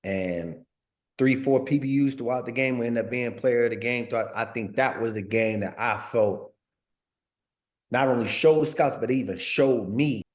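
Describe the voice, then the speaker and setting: Man in his 30s telling a story in an interview, easygoing slang, lots of "like" and "bro", mid-pitched voice. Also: moderate pace. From Northern California. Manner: laid-back slang, frequent "like" and "bro", repeats words. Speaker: former pro football player, guest. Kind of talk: casual storytelling in a sit-down interview.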